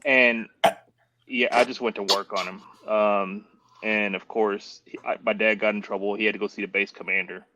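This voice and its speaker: Low-voiced man telling animated stories. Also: normal speed. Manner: animated, acts out quoted voices. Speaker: guest. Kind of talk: storytelling in casual chat. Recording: dull lo-fi with faint hiss.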